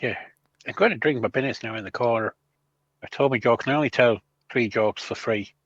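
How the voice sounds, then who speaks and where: A man's voice: mid-range voice, brisk, no echo, highs cut off. A man playing in a tabletop game, trading puns in character over a remote call. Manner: dry, joke-telling, punning. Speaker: player.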